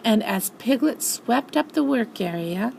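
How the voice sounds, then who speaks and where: An older woman reads a storybook aloud to her grandchildren, expressive and animated. Her voice is fairly high with a gravelly grain. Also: unhurried, slight background noise, low-quality recording.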